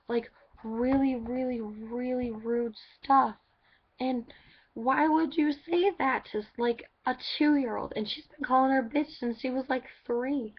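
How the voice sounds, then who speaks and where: A woman's voice: on the high side, unhurried, muffled recording. A woman telling a story in a casual vlog, rambling with lots of "like" and restarts. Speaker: vlogger.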